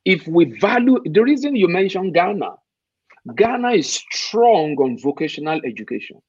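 A man's voice: sits high, big pitch swings, moderate pace, darkish tone, breathy edge, no echo. A man from Nigeria, speaking emphatically as an interview guest and posing rhetorical questions. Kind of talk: conversational interview. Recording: dull, muffled dry sound.

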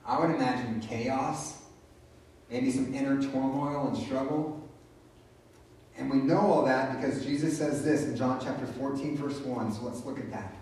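A man's voice: medium pitch, a little mellow. A man pastor giving a conversational sermon, retelling scripture in his own casual words. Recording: very echoey room, voice from a distance.

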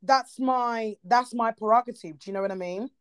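Lively woman in casual chat. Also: on the high side, normal speed, crowd noise. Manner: animated, laughs often, playful asides.

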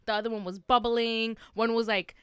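A woman's voice: a little high, level tone, normal speed, clear, resonant tone, dry recording, studio quality. A woman chatting casually on a comedy talk show, telling a story in a bubbly, giggly way. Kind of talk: casual chat.

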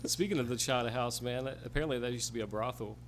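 A man's voice: medium pitch, very fast, a little hiss or hum. A man co-hosting a podcast, telling laid-back, swear-filled stories in casual chat. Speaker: podcast co-host.

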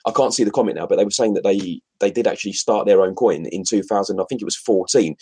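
A chatty man with a low, husky voice, co-hosting a relaxed livestream. He reads comments aloud, calls out to viewers by name and laughs between points. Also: fast. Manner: chatty, addresses viewers directly, laughs often. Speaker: co-host reading chat comments. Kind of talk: casual livestream chat.

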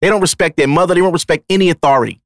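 A man's voice: a little high, racing, no room sound, clean studio sound. Blunt, profane man talking on a podcast. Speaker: podcast host. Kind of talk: casual monologue.

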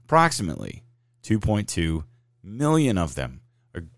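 A man's voice: deep voice, wildly swooping pitch, moderate pace, no room sound, clean studio sound. A man hosting a podcast in casual chat, sarcastic and swearing freely as he rants, stuffy with a sinus cold. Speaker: podcast host.

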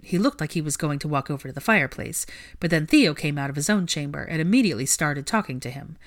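A woman reading a storybook chapter aloud with a low voice. Her narration is calm and even, with a steady pace from line to line. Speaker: audiobook reader.

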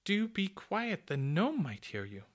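A worried, curious young boy, as a man reading a storybook puts him on, his voice lifted high above the narration. He asks anxious questions with a lively, rising pitch. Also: unhurried. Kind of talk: storybook read-aloud.

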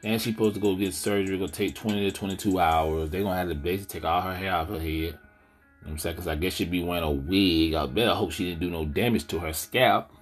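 A man's voice: low-pitched, fast talker, faint music behind. A man hosting a podcast, talking casually in African American Vernacular English, blunt and indignant, with a habit of asking "you know what I'm saying". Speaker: podcast host. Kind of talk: casual commentary monologue.

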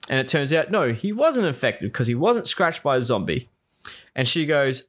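A man talks through a show's plot in a loose, casual way. He is openly exasperated and curses freely. He drops into quick snippets of the characters' voices as he goes. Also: medium pitch, sing-song, fairly bright tone. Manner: profane, exasperated, acts out quoted lines. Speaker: reviewer recapping a show. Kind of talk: casual spoken recap.

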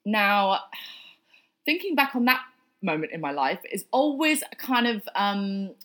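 A woman in her thirties telling a personal story in a blunt, profane, animated way. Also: medium pitch, a little slow. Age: 30s. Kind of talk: candid casual storytelling.

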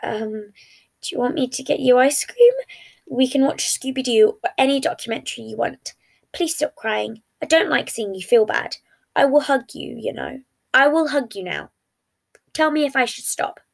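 Woman reading a stiff polite young guy, careful words, kinda high with a gravelly edge. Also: normal speed. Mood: gentle. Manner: formal, careful wording. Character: formal, precise young man comforting a friend. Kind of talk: fan fiction reading.

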